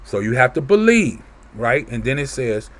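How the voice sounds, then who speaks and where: A man's voice: medium pitch, very animated, moderate pace, fairly bright tone. Male preacher, casual scripture teaching, keeps checking in with listeners. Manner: conversational, keeps asking "right?".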